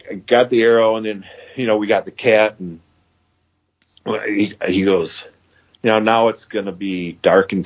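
A man with a fairly low, slightly breathy voice relates a long anecdote as a podcast guest. He keeps it folksy, acting out the dialogue and laughing throughout. The podcast audio is dull and low-fidelity.

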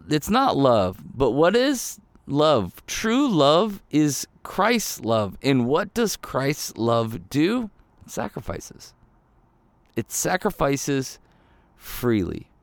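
A man delivers a casual, animated sermon, talking through his points as if chatting with the congregation. His pitch sits in the middle range and he acts out little reactions. The recording is dry and close. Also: no room sound. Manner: conversational, animated, acts out voices in quotes. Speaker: pastor.

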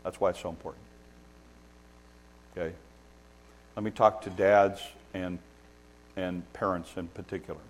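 A man's voice: deep voice, fairly even intonation, unhurried, long pauses. A man preaching a sermon as pastor, emphatic and repeating key points for stress.

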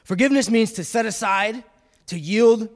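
A high-pitched man preaching a sermon, lively and repetitive, calling for the congregation to answer back. His voice rings through the long reverb of a church sanctuary. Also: moderate pace. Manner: animated preaching with call-and-response and repetition. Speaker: pastor.

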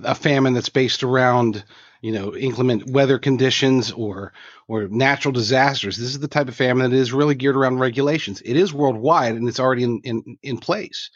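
A man's voice: medium pitch, brisk, no echo, lo-fi sound. A man speaking as a guest commentator on a remote interview, making emphatic, opinionated points over a video call.

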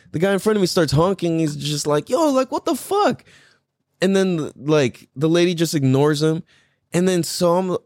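A man's voice: fairly high pitch, a little mellow, no echo, clean studio sound. A man hosting a podcast, telling a story in a casual, profane rant and laughing often. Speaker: podcast host.

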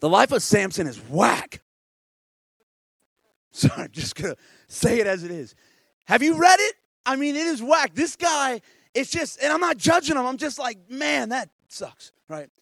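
A male pastor preaching a lively, conversational sermon who often checks in with the congregation. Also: very high voice, normal speed, gravelly, long pauses, no room sound.

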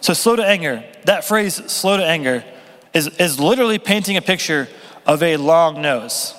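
A man's voice: on the high side, normal speed. A young man preaching a sermon in a casual, joking, conversational way. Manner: conversational, self-deprecating humor, lively. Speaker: pastor. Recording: long reverb of a hall.

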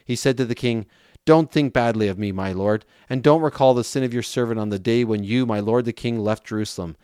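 A man reading a scripture passage aloud with a measured, steady delivery. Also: medium pitch, smooth, no room sound, studio quality. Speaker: scripture reader.

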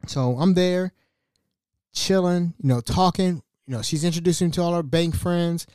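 A podcast host in his forties telling a personal story in an animated way, often stammering and repeating himself. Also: high voice, moderate pace, clean tone, dry recording, studio quality. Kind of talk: storytelling monologue.

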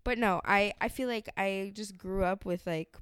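Woman podcast co-host, relaxed and profane, casual banter, dry sound. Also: mid-range voice, normal speed, clear, resonant tone, no room sound. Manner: laid-back, swears often, laughs a lot. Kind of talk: casual chat.

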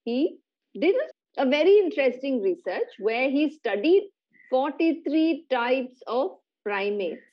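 A woman's voice: high voice, lively intonation, unhurried, lo-fi sound. A middle-aged woman hosting a podcast, patiently explaining science in casual chat with a child and laughing often. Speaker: podcast host.

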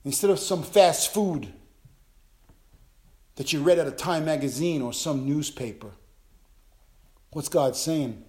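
An older man preaching an impassioned sermon as a pastor, dropping to low asides and rising to loud, high calls. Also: unhurried, long pauses.

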